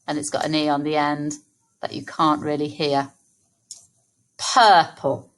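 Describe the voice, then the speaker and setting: A woman teaching young children phonics, sounding out words slowly and clearly. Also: low voice, level tone. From England. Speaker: primary school teacher. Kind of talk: early-years phonics lesson.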